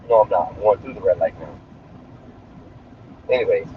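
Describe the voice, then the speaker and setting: Brash high-voiced man streaming from his car. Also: huge pitch swings, brisk, pauses often, darkish tone. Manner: brash, crude and rambling. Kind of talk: casual livestream chat while driving. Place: inside a moving car. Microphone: phone. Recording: muffled sound with faint road noise.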